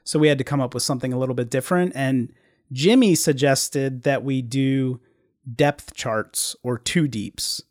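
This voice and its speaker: A man hosts a podcast in easygoing chat. His voice sits at a middle pitch, and he laughs a lot between halting sentences. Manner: relaxed, laughs often, halting restarts. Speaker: podcast host. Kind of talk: casual chat.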